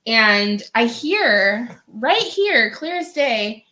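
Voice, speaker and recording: A woman's voice: a little high, sing-song, drawn-out words, pushed and bright. A woman co-hosting a casual horror podcast, chatting and chiming in, laughing often as she tells stories. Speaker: podcast co-host. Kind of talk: casual chat, storytelling.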